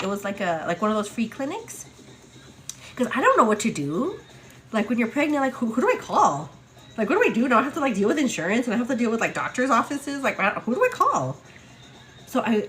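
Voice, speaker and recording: A young woman hosting a morning livestream, telling a personal story in casual chat, full of "like" and "girl", acting out quotes in a higher voice. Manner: chatty, many fillers, acts out quotes with high excited pitch. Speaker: livestream host.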